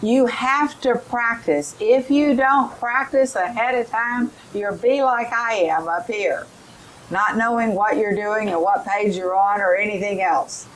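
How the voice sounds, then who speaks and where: Slow-talking woman training teachers. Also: mid-range voice, a little hiss or hum, poor audio. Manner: directive, repeats instructions, models phonics drills aloud. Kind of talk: instructional training session.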